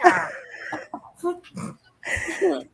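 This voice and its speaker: A woman's voice: extremely high pitch, drawn-out words, gravelly, a bit bright. A woman with a Boston accent hosting a casual watch party stream from home, giggling, teasing and swearing freely. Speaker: stream host.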